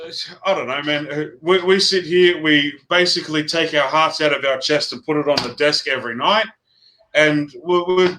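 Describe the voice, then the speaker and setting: A middle-aged Australian man co-hosting a casual chat show, talking in an animated, rambling, blunt way. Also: fairly high pitch, poor audio. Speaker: co-host.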